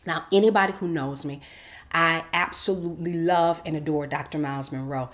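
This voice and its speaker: A woman host telling a personal faith story in a casual, animated way with many fillers. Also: low-pitched, brisk. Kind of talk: personal testimony.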